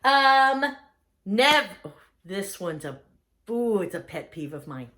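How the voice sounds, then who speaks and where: Enthusiastic woman, lively bouncing pitch. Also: slow. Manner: enthusiastic, animated storytelling. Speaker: host. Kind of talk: casual chat.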